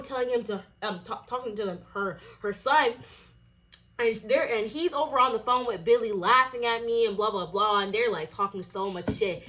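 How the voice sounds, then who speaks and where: A young woman telling a storytime vlog as a casual rant, swearing and acting out quoted lines in a higher voice. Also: brisk, fairly bright tone. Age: young adult.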